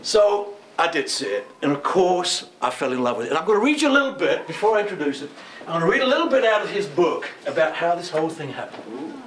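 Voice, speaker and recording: A man's voice: fairly high pitch, sing-song, fast, a bit bright, echoey room, slight background noise. A middle-aged man with a British accent, a magazine publisher giving a chatty, enthusiastic gallery opening speech in a museum, laughing often. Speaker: magazine publisher introducing an exhibition.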